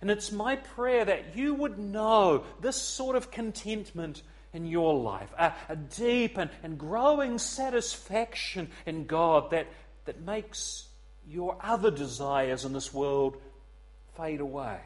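A man preaching an evening sermon, earnest and pleading, swelling loud and then dropping to a near hush, repeating words as he searches for them. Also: a little high, expressive, slow pace.

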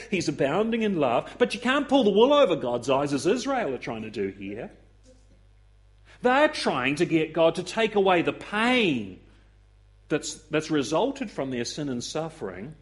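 A male preacher delivers a sermon in a slightly higher-than-usual voice. He talks with expressive swings, putting on the voices of the people he quotes. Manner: expressive, acts out quoted voices with rising pitch.

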